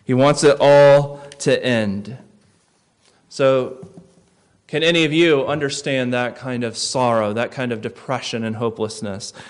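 A man preaching a sermon, earnest, rising to loud emphasis and dropping to quiet, reflective lines. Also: a little high.

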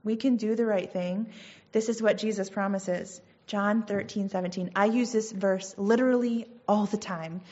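A woman who counsels gives a conversational sermon. She tells personal stories with lively energy and acts out her own quoted lines. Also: medium pitch, moderate pace, muffled recording. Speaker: Christian speaker and counselor.

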